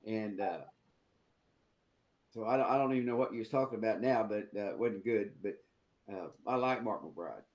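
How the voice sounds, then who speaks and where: A man's voice: lowish voice, moderate pace, pauses often. A man, co-hosting a political talk show, speaking plainly and firmly in short statements. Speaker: co-host.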